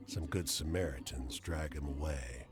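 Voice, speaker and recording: A man narrating a video game in a slow, darkly dramatic storytelling manner. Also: extremely low pitch. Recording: game audio with a clear music bed.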